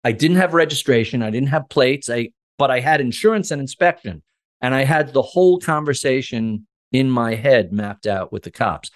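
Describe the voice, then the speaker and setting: A middle-aged man tells stories in a relaxed podcast conversation. He acts out the conversations with energy and has a voice of ordinary pitch for a man. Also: moderate pace. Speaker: podcast guest. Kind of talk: casual storytelling.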